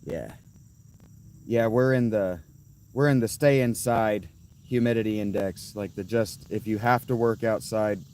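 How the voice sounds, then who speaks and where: Low-voiced man chatting live outdoors. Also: measured pace, darkish tone, a little hiss or hum, rough recording. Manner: rambling, restarts and corrects himself. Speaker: live streamer. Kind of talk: casual live-stream chat answering viewers. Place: outdoors at a tent.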